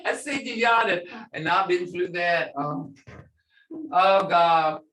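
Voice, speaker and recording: An older woman teaching a language class in a relaxed, chatty way, repeating phrases slowly and laughing often. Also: on the low side, slight background noise. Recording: echoey room, mic set far off.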